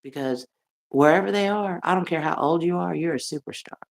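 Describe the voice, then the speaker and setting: A middle-aged American woman ranting on her livestream, brash and profane, laughing often and swinging between loud and soft. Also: on the low side, fairly quick, gravelly. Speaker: livestream host. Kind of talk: rambling livestream rant.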